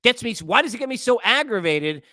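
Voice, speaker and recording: A man's voice: extremely high pitch, big pitch swings, a little fast, bright, forceful tone, no room sound. A male sports talk host ranting alone about baseball, exasperated and lecturing, repeating himself for emphasis. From New York area. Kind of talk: solo sports rant.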